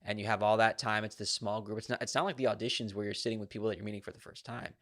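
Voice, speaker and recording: A man's voice: lowish voice, level tone, racing, fairly bright tone, no room sound, studio quality. A man hosting an interview, talking through a question in a conversational way. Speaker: podcast host. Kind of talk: casual interview.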